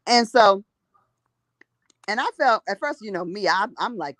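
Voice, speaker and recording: A woman's voice: medium pitch, expressive, unhurried, pauses often, a bit bright, dry recording. A woman telling a story in casual conversation, emphatic and blunt, often repeating herself.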